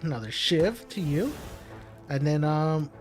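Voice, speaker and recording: Man, gameplay commentary, slightly high voice, chatty, mutters through moves, faint game music behind. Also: animated, unhurried. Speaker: gaming commentator. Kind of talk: casual let's-play commentary.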